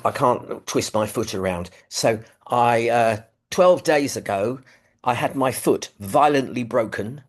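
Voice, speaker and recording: Man with a London accent on a video call, rambling, self-deprecating testimony, pitch mid. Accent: London English. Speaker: recovery meeting speaker. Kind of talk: personal testimony, casual. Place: living room at home.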